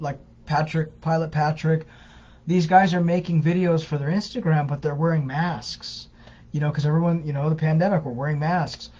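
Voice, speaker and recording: A man's voice: fairly high pitch, darkish tone, highs cut off. A man co-hosting a casual live Q&A, explaining things earnestly and often repeating his words. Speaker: co-host of a scam-awareness page.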